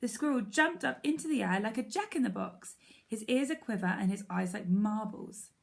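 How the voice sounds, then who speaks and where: A woman teacher reading a children's story aloud in a clear storytelling manner. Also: medium pitch, expressive, moderate pace.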